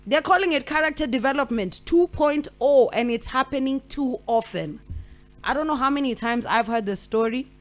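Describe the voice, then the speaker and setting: Young woman, Kenyan accent, radio host, fairly high voice, lively storytelling, acts out both sides, Swahili slang in English. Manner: animated storytelling, acting out both partners. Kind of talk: radio talk monologue.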